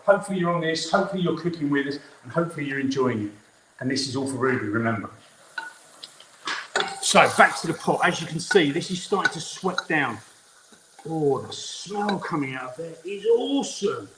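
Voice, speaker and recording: A man's voice: fairly high pitch, fairly bright tone. A man in his fifties, a head chef, chatty and upbeat as he talks viewers through a live cooking demonstration in a kitchen. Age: 50s. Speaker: head chef hosting a cookalong. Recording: echoey room with faint noise.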